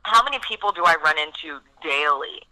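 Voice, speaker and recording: A woman with a very bright, forceful voice talks in a loose, casual interview. She swears freely and peppers every thought with "like". Her rambling speech is full of restarts. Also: deep voice, expressive, brisk, rough recording. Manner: chatty, swears freely, heavy use of "like". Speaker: guest actress.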